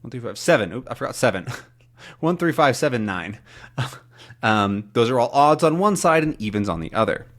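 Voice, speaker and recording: A man teaching English to learners, reading a comic aloud with slow, clear explanations. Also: medium pitch, sing-song, a bit bright.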